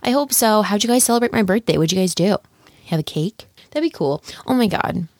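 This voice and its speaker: A woman's voice: medium pitch, lively intonation, brisk, darkish tone, dry recording, studio quality. A young woman hosting a podcast on her own, rambling and chatty, full of self-deprecating asides. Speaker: podcast host. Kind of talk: casual solo podcast chat. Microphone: studio microphone.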